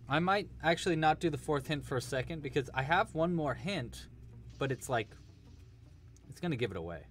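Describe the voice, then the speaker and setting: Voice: mid-range voice, lively intonation, brisk, faint music behind. A crochet teacher hosting a casual live crochet-along, chatty and enthusiastic, rambling a bit with restarts. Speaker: crochet teacher and livestream host.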